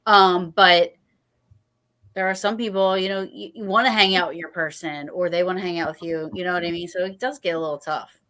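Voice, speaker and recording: A woman hosts a loose, unscripted livestream conversation. She rambles, trails off and restarts her thoughts, leaning on filler phrases, in a slightly low voice. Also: fairly even intonation, a little fast, fairly bright tone. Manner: rambling, full of "you know" and restarts. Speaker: host. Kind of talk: casual livestream chat.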